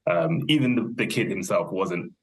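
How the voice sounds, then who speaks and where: Young guy on a podcast, low husky voice, rambles and corrects himself a lot. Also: very animated, normal speed. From London, England. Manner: reflective, rambling with many fillers and self-corrections. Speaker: podcast guest. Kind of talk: casual conversational interview.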